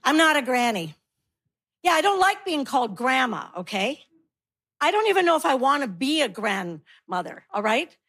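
A woman's voice: sits high, sing-song, normal speed, fairly bright tone. A woman in her sixties doing stand-up comedy on stage, wry and self-mocking, acting out other people's lines. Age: 60s. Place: comedy stage before a laughing crowd.

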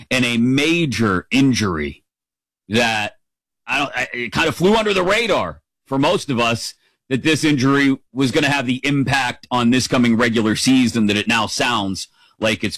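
A man's voice: mid-range voice, fairly bright tone, dry recording, low-quality recording. A middle-aged man hosting a sports talk radio show, upbeat and playful as he rambles through the day's news.

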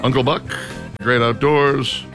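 A man hosting a talk radio show, reading listener picks in a relaxed, drawling way with lots of ums and uhs. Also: mid-range voice, measured pace, music in the background. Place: radio studio.

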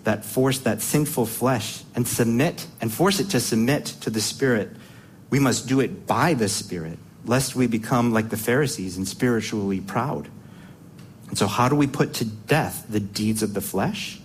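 A man preaching with emphatic conviction, asking his listeners rhetorical questions. His voice sits at an ordinary middle pitch, and he often doubles back on words as he builds toward his points. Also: moderate pace, slight background noise. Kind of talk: sermon.

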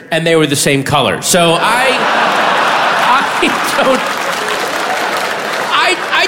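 A man doing a stand-up comedy set, animated and bursting into shouted punchlines, on a stage before an audience. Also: high voice. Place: large hall with audience. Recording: live hall with crowd noise.

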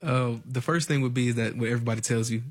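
A man's voice: medium pitch, fairly even intonation, fast, no echo, soft background music. A man in his late teens, a graduating student, earnestly giving advice in a radio interview.

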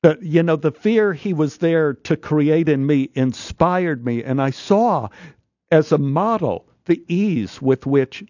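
A man as a studio guest telling a story in an animated way, restarting phrases and acting out the people in it. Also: on the high side, no room sound, muffled recording. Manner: halting, restarts phrases, acts out quoted voices.

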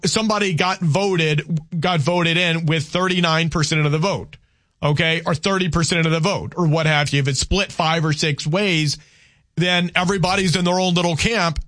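Man with a bright, high-ish voice. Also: no room sound, clean studio sound. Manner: halting, repeats words while explaining. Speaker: co-host. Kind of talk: casual political chat.

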